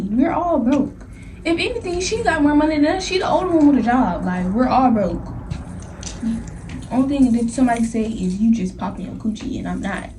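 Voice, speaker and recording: A young woman vlogger telling a story in an animated, slangy way, laughing often. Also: high-pitched. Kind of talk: storytime vlog. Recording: somewhat distant mic with faint noise.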